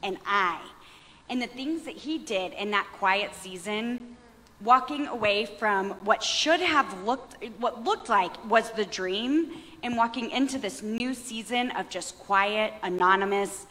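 A woman's voice: medium pitch, lively intonation, a little slow, pushed and bright. A woman in her thirties giving an earnest, reflective faith testimony on stage, with a lightly self-mocking touch. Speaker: panelist sharing testimony. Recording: long hall reverb.

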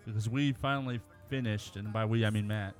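A man with a fairly low voice, joining in on a loose podcast chat with playful jokes. Faint music sits quietly behind the conversation. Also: fairly even intonation, a little fast. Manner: joking, playful. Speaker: podcast co-host.

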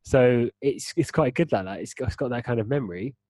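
A man's voice: mid-range voice, brisk, a little mellow, dry recording. A young man in casual gaming chat, explaining at length and laughing often as a podcast co-host.

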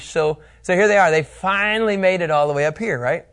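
A man's voice: a little high, a little fast, a bit bright. A man teaching a Bible lesson in a casual, joking way, laughing often.

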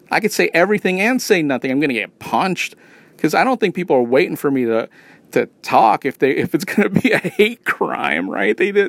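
A man's voice: on the high side, vocal fry, no room sound. A man ranting casually in a rambling, profane and sarcastic way. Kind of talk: casual rant.

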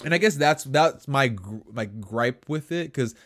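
A man's voice: medium pitch, animated, a little slow, a bit bright. A man co-hosting a casual podcast chat, rambling with lots of fillers and restarts. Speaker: podcast co-host.

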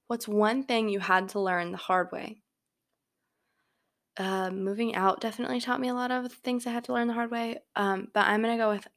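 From her bedroom, a young woman rambles through her casual solo podcast on a home microphone, leaning heavily on filler words. Her mid-range voice is a bit bright but sinks into noticeable vocal fry.

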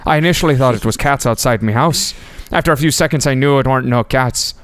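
A man's voice: mid-range voice, dry recording, natural voice. A man putting on an old Irish countryman. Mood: spooked. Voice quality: mock Irish brogue. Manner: halting, put-on reading. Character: old Irish countryman telling a ghost story.

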